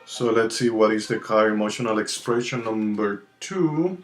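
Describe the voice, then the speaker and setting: A man's voice: lowish voice, moderate pace. A man hosting a live tarot card reading, chatting casually and greeting his viewers one by one. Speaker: tarot reader hosting a livestream. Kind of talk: casual livestream chat. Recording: roomy sound with soft music behind. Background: soft relaxing music.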